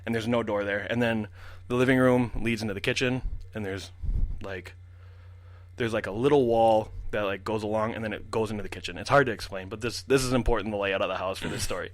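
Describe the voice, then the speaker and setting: A man in his twenties, a podcast guest, telling a story in casual chat, animated and full of fillers. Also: lowish voice, a little fast, no echo.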